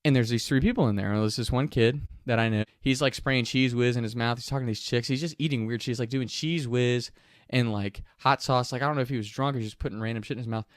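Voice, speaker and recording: A man casually telling a story, animated and profane, often laughing as he talks. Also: mid-range voice, fast talker, no room sound, clean studio sound.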